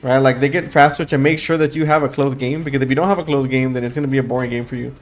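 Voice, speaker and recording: A man's voice: mid-range voice, fairly even intonation, rapid-fire. A young man with a dry throat and a sleepy late-night voice, chatting casually while playing a game and rambling through his thoughts with fillers. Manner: rambling, thinks aloud with fillers and restarts. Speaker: gaming YouTuber. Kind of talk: casual gameplay commentary.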